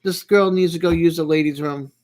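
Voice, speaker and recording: A deep, darkish female voice holds a steady tone and moves a little fast. She hosts a casual livestream from home, chatting with live viewers by name in a giggly, teasing manner.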